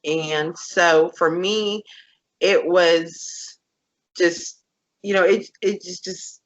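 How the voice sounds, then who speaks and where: A woman's voice: fairly low pitch, steady tone, drawn-out words. A woman telling a personal story on a podcast, earnest, with many fillers. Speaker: podcast guest. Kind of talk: casual storytelling. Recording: dull lo-fi sound.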